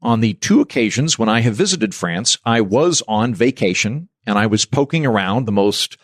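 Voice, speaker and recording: An American podcast host delivers a scripted monologue with a wry, sardonic edge. His fairly low voice is expressive and paced normally, captured in a dry, studio-quality recording.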